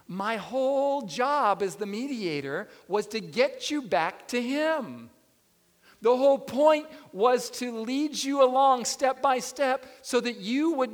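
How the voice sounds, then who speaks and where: A man preaching a sermon as pastor, animated and often putting questions to his listeners. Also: high-pitched. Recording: long reverb of a hall.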